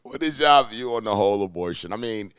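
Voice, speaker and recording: Low, smooth-voiced male reaction host. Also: animated, brisk, a bit bright, dry recording, studio quality. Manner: asks viewers for their opinions. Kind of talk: casual chat to viewers.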